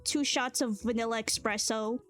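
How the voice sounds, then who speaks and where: A woman's voice: a little high, fairly even intonation, moderate pace, a bit bright. A woman streamer chatting casually, rambling and playful, laughing often. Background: faint cafe music.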